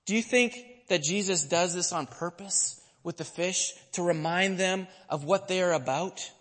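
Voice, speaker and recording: A man's voice: high-pitched, a little slow, a bit bright, big-room sound. A man in his thirties, a pastor preaching a sermon, telling a story and asking the listeners questions.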